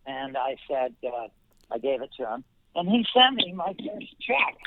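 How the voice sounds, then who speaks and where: Halting man on a tinny phone line. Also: medium pitch, big pitch swings. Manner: thoughtful, halting, many fillers and restarts. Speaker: guest. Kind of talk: reflective personal storytelling.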